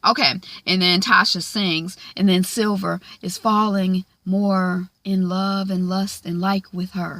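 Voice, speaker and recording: A woman's voice: fairly low pitch, level tone, unhurried, hardly any pauses, a bit bright, dry recording. A woman casually recapping a TV episode, chatty, with lots of "um" and "like", acting out the characters' lines. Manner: chatty, frequent "um" and "like", acts out quoted lines.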